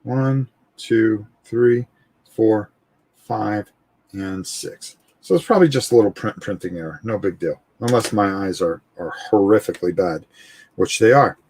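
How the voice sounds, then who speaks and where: Husky-voiced man hosting a board game stream. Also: fairly low pitch, measured pace, a little mellow. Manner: thinks aloud, chatty, repeats words, frequent "all right". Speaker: host of a live tabletop game stream. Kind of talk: casual live playthrough, explaining rules. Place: indoors at a gaming table, filmed from overhead.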